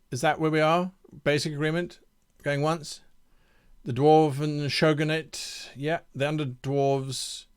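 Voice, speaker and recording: A man acting as game master runs a campaign design session live, reading viewer input aloud while reasoning through it. Speaking at medium pitch, he hesitates and tries out names by repeating them.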